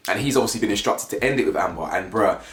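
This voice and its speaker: Fast-talking young man in a roomy room. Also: fairly low pitch. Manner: animated, slangy, rambling with restarts. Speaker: TV show reviewer. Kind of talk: casual recap commentary. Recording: roomy echo.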